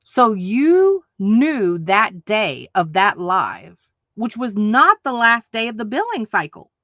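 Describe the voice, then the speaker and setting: Woman, craft market livestream host, indignant rant, emphatic and repetitive, forceful tone, dull sound. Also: mid-range voice, sing-song, slow, no room sound. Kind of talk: ranting livestream monologue.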